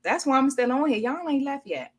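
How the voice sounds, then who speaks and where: A woman's voice: high voice, sing-song, brisk, breathy edge. A woman from Washington, D.C. hosts a casual livestream chat. She reads viewer comments aloud and rambles on in an easygoing way over a video call. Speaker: livestream host.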